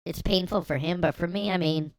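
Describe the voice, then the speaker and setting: A man's voice: sits high, fairly even intonation, brisk, clean tone, dry recording, pitched above the performer's own voice. A man voicing a chatty young woman who rambles and overshares about her boyfriend in a breezy tone.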